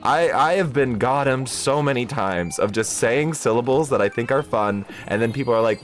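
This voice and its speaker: A young man casually commenting while streaming a game, jokey and excitable, breaking into shrieks and laughs. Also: mid-range voice, normal speed, hardly any pauses. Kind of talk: casual gaming livestream commentary.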